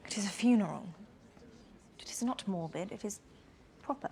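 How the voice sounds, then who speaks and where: A woman's voice: mid-range voice, animated, normal speed, creaky, dark tone. An actress playing a composed, proper woman in mourning in a period drama, speaking formally. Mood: firm.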